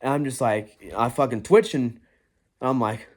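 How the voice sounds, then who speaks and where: A man's voice: medium pitch, measured pace. A young man telling a ghost story in a casual, profane, rambling way, often acting out what people said.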